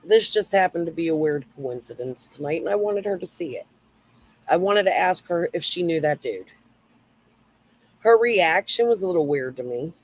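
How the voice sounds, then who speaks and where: A female streamer on YouTube gives a casual, profane, meandering rant while responding to chat. Her expressive voice sits on the low side at normal speed, and the recording is dry and poor.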